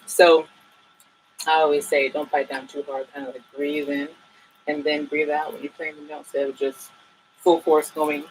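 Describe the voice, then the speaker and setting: A woman's voice: deep voice, level tone, normal speed, slight background noise, rough recording. Chatty woman giving a sax lesson. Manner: chatty, loose, lots of fillers and asides. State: a bit out of breath at times. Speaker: saxophone teacher. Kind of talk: casual tutorial talk.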